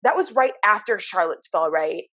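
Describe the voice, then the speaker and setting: Animated woman podcast host. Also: mid-range voice, brisk. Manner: animated storyteller, acts out childhood voices. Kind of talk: casual conversation.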